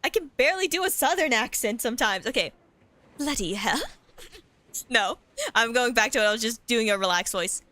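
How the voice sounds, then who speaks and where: Voicing all the characters of a horror visual novel, a woman streamer reads it aloud with joking commentary on the side. Her slightly high voice is animated, quick, and sharp, captured in a dry recording.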